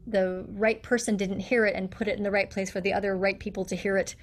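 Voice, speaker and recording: A middle-aged woman, a guest accent coach, talks in a casual interview with an animated, explanatory manner. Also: medium pitch, fast talker. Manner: animated, explanatory, acts out quotes.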